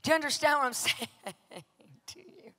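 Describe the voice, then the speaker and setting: High-voiced woman preaching in a reverberant hall. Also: normal speed. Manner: impassioned, emphatic, builds to shouted peaks. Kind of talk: sermon with personal testimony.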